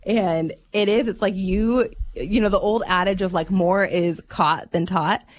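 A woman's voice: mid-range voice, steady tone, a little slow. A woman co-hosting a radio call-in show, chatting casually and telling stories. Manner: chatty storyteller, laughs while telling. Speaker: radio co-host.

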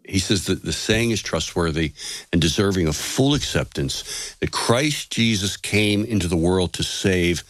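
Older man, low-pitched, self-deprecating storyteller guest, dry mic. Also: unhurried, no echo. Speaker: author guest. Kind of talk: casual interview.

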